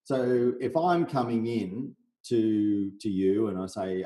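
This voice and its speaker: In a roomy, echoing recording, a middle-aged man from Australia speaks in a low, mellow voice. He explains his coaching method as a podcast guest with lively energy, and he keeps slipping into short acted sales exchanges. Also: slow. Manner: energetic, role-plays sales conversations. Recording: roomy echo.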